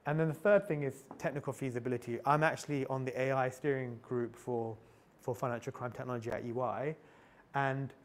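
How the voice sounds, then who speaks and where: A middle-aged man at a tech meetup talks candidly through his experiences. His voice sits in the middle range. He often trips over his words, restarting and repeating himself as he goes. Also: mid-range voice. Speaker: conference speaker.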